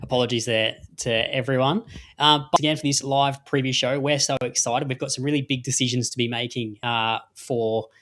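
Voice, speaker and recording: An Australian man hosts a live fantasy sports show in a chatty, upbeat manner. His voice sits at a middling pitch for a man, and he runs through plugs and apologies in easy patter. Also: fairly even intonation, brisk, fairly bright tone. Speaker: podcast host.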